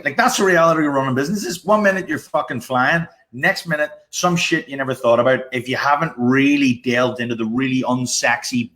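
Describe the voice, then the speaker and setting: Guy hosting a podcast, talks quick, swears a lot, blunt and keen. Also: medium pitch, fairly bright tone. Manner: blunt, profane, enthusiastic. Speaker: podcast host. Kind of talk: casual interview chat.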